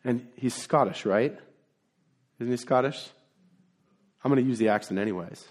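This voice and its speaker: A man preaching a sermon in an earnest way, dropping into quiet asides and then building to emphatic, rising points. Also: medium pitch, moderate pace. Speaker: pastor.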